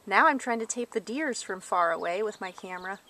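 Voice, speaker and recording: A woman's voice: mid-range voice, lively intonation, a little fast, pushed and bright. A woman casually rambling while filming wildlife, chatting on the phone at the same time, recorded on a handheld camcorder's built-in mic.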